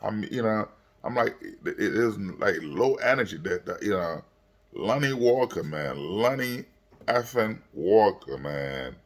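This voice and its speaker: Casting note: man, very low voice, loose rambling sports reaction, lots of fillers and repeats. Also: expressive, a little slow. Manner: gets loud and high when worked up. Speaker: basketball commentator. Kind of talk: casual game reaction.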